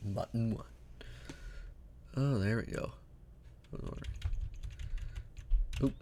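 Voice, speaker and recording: A man's voice: medium pitch, slow pace. A man giving casual, self-deprecating gameplay commentary with mumbled asides while playing. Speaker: let's play gamer.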